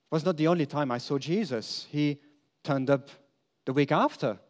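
With a fairly high voice at a normal pace, a man delivers a dramatic monologue in the first person, casting himself as an apostle. His storytelling is earnest, alternating between emphatic statements and hushed confession.

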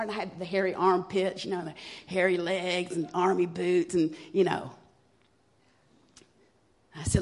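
A woman sharing her personal testimony at a church evening, telling her story with emotion, dropping to a hush and then rising loud as she acts out what people said. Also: mid-range voice, normal speed. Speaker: guest speaker sharing a testimony.

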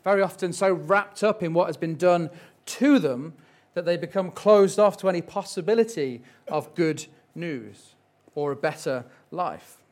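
Guy preaching, soft and thoughtful, voice a bit on the high side. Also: unhurried. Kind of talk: sermon.

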